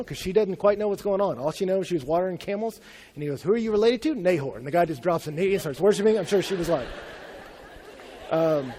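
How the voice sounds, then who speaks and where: A man's voice: sits high, a little mellow. A young adult man preaching a sermon as a pastor in a conversational, humorous storytelling way.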